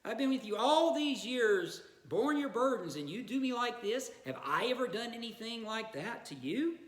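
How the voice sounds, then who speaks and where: A man's voice: very high-pitched, big pitch swings, moderate pace, pitched above the performer's own voice. A man voicing a loyal male donkey that has been wronged and asks hurt, pleading questions of its master. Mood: hurt, reproachful. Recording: echoey room.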